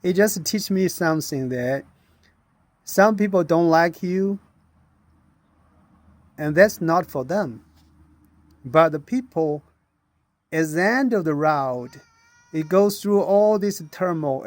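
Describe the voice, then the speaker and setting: A fairly high-pitched but darkish-toned male voice, recorded dry, belongs to a middle-aged inventor. He earnestly recounts a personal story in non-native English, voicing the people he met along the way.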